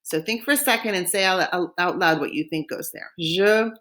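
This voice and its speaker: A woman recording a French lesson, pronouncing phrases slowly and clearly so learners can repeat them. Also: fairly low pitch, a bit bright. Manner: slow, clear modeling of French phrases for repetition. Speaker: French teacher.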